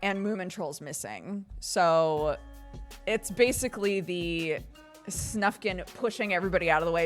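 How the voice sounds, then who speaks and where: A woman streamer talking with her stream chat in a relaxed, conversational way. Her voice sits a bit low for a woman, and she laughs often as she tells her stories. Soft music plays faintly behind her. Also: a little slow. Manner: chatty, laughs often, animated storytelling.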